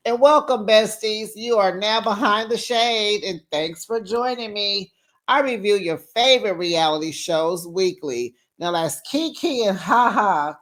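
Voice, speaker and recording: A man hosting a reality TV review channel from home at night, recapping an episode in a sassy, gossipy way full of slang. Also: on the high side. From United States. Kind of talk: casual commentary vlog.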